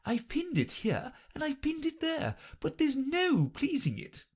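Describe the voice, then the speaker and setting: A woman reading an audiobook, voicing a flustered, untidy, melancholy queen in a high, plaintive voice. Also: huge pitch swings, a little slow, a little mellow, exaggerated voice.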